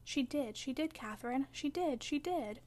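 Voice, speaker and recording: Woman doing a fretful sickly boy, whiny and self-pitying, hushed whispery bits, highish voice, storybook reading. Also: brisk. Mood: spiteful. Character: sickly, peevish, whining teenage boy. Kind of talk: audiobook character reading.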